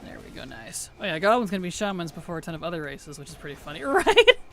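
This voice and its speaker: Laid-back streamer talking over gameplay, laughs a bunch, mid pitch, bit of hiss behind. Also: huge pitch swings, quick pace, fairly bright tone. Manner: chatty, laughs often, reads chat aloud. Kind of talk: casual gaming stream chat.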